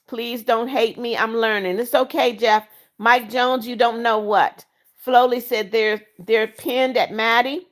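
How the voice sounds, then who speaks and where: Woman host reading out live chat. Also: on the high side. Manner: firm and scolding when enforcing rules; warm, religious greetings to viewers. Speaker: livestream host.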